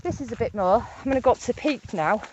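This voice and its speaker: A woman, vlogging casually and excitedly about wildlife while walking on a rural hillside. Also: a little high, quick pace, highs cut off, a little hiss or hum. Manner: chatty, excitable, rambling. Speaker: nature vlogger.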